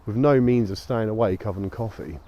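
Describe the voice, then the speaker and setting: A man's voice: lowish voice, brisk, lo-fi sound, a little hiss or hum. Tired man rambling on a walk. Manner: rambling and easygoing, with frequent fillers. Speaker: vlogger walking his dog. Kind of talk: casual walk-and-talk chat. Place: outdoors on a local street at dusk. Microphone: small action camera.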